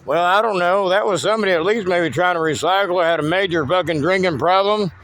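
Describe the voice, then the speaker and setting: A man's voice: high-pitched, brisk, a bit bright. A man giving a rambling, cryptic walking tour of his wooded land outdoors, swearing freely. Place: outdoors in woods.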